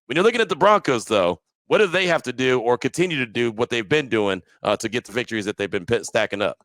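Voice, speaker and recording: A man hosts a football podcast, laying out his points in a measured way before turning a question over to his guest. His voice sits in a middle range and sounds dry and close to the mic. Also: medium pitch, lively intonation, fairly bright tone, dry recording. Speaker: podcast host. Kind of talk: casual sports analysis chat.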